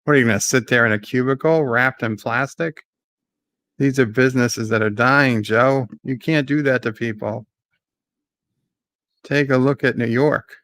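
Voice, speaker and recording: A man giving live commentary on a debate. He paraphrases the speakers, reads out viewer chat and gets excitable at times. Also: mid-range voice, moderate pace.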